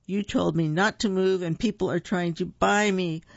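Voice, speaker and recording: A storyteller voicing a young girl who pleads with her father, in a whiny, higher voice, in a dull lo-fi recording. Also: fairly even intonation, normal speed, creaky, no room sound, lightly acted. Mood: sulky.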